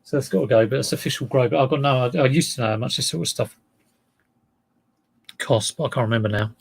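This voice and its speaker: Gravelly, husky man chatting. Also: medium pitch, quick pace. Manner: chatty, rambling, self-deprecating. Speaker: reseller livestreamer. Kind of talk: casual livestream chat.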